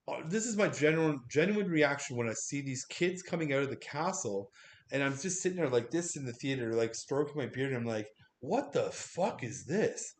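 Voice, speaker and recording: A man reviewing a movie on a casual livestream, rambling and swearing as he laughs through his reactions. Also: a little high. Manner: rambling, profane, animated, laughing.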